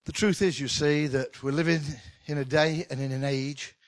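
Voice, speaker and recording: Middle-aged male pastor, animated conversational sermon, slightly high voice. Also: moderate pace, no room sound. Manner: animated, conversational preaching with humour.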